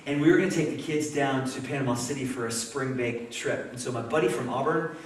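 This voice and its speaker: Preacher telling a story in an echoey church. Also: male voice, medium pitch, fairly quick. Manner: storytelling, rising to excited shouts. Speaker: pastor. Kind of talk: sermon. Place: church sanctuary. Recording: echoey church hall from far off.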